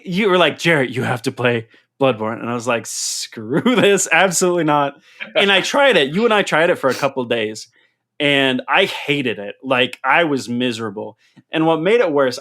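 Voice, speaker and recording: Male podcast host, mid pitch, lively expressive delivery, casual storytelling. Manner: animated storyteller, laughs through his own stories. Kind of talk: casual chat. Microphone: headset mic.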